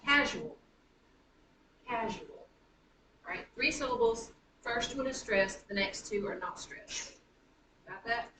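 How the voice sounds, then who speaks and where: A woman teaching a high school writing class, chanting the stress patterns of words aloud. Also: measured pace, distant mic, background noise. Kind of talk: classroom lecture on poetic meter. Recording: echoey classroom recorded from afar.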